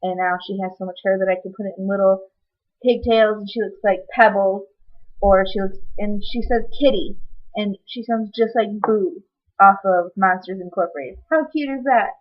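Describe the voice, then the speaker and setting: A young woman talks straight to her webcam in a loose, rambling way, dropping plenty of ums as she catches viewers up. Her voice sits at a middling pitch for a woman. The audio is slightly dull and lo-fi, like a built-in webcam mic. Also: moderate pace. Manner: rambling, chatty, with many ums. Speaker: vlogger. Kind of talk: casual personal update vlog.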